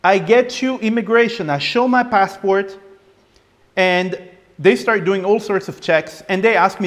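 A man's voice: high-pitched, a little slow, long reverb tail. A young man from France hosting a podcast, telling a personal story with repeated words and acted-out quotes. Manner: animated, repeats words, acts out quoted lines. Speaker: podcast host.

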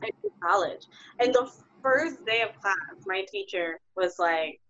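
A woman's voice: mid-range voice, lively intonation, a little slow, pushed and bright. A young woman speaking as a guest, reflective and hesitant, often searching for her words. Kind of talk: casual conversation. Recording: muffled lo-fi audio.

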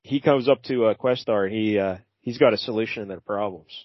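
A male podcast host with a lowish, brisk voice recaps a comic in loose, jokey chat, rambling and dropping plenty of "uh"s. The recording has no echo but sounds dry and dull, lo-fi.

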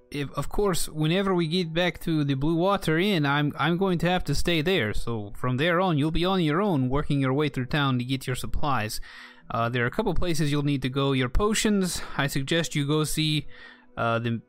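A man's voice: on the high side, clean tone. A man narrating as game master of a tabletop game, chatty and full of restarts.

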